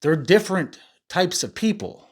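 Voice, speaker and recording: A man's voice: high voice, expressive, normal speed. A man hosting a commentary video, ranting in a rambling, profane, self-interrupting way. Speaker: commentary channel host.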